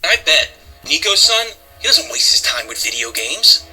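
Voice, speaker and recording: A man's voice: fairly high pitch, sing-song, normal speed, bright, forceful tone, husky, soft background music, full character voice, poor audio. An actor playing a stern middle-aged father who lectures his son, disapproving and scolding.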